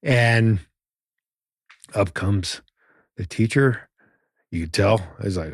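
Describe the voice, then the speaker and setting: A middle-aged man telling a story in a relaxed podcast chat. He acts out the voices in it and swears now and then. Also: fairly low pitch, slow pace, long pauses, husky, no room sound, clean studio sound. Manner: animated, acts out quoted lines, swears. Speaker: podcast guest. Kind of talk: casual storytelling.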